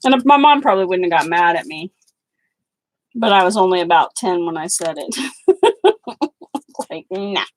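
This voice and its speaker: A woman's voice: on the low side, fairly quick, dry recording, low-quality recording. Outspoken middle-aged woman crafting and chatting. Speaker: craft vlogger. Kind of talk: casual chat while crafting.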